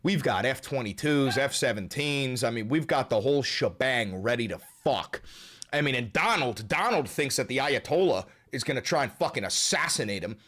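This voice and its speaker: A man's voice: mid-range voice, expressive, normal speed, fairly bright tone. A man hosting his own political commentary show, ranting casually and swearing constantly in a blunt, fired-up way. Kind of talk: casual profane political rant.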